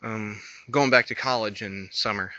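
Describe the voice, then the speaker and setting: A man in his twenties from North Carolina with a slight lisp, talking to the camera while he walks outdoors, halting and hesitant, thinking aloud. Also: on the low side, steady tone, bright, forceful tone, dry recording, lo-fi sound. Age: 20s. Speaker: vlogger. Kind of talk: rambling walk-and-talk vlog. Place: outdoors on a roadside walk.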